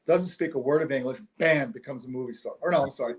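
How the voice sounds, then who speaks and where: A man in a casual chat, co-hosting, trading jokes and stories that land on quick punchlines. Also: mid-range voice, noisy background. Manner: joke-telling with quick punchlines.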